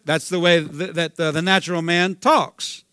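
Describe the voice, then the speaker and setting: A man's voice: a little high, fairly even intonation, moderate pace, pushed and bright, smooth, no echo. Fervent Southern-sounding male preacher. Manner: fervent, repeats himself, calls out hallelujah. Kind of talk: sermon.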